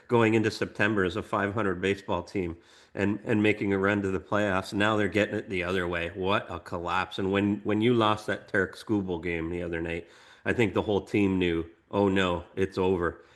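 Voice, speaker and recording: Male co-host, lower voice, emphatic and animated baseball chat. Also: normal speed. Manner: animated, emphatic, lots of restarts. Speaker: podcast co-host. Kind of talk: casual sports chat.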